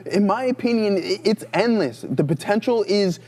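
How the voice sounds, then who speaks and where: A man co-hosting a live trading stream, giving relaxed, opinionated technical takes on stocks. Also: high voice, normal speed. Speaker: co-host trader. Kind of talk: casual market chat.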